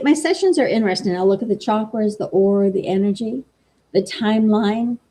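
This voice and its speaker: A woman's voice: fairly high pitch, mellow. A middle-aged woman, a life coach and energy healer, casually telling a story and acting out the quoted dialogue. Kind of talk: casual talk stream.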